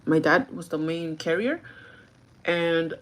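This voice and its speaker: A young woman with a slightly low voice tells a story to her viewers while she gets ready. She talks in an animated, chatty way and keeps turning to the people watching. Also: slow. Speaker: vlogger. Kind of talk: get-ready-with-me storytime chat.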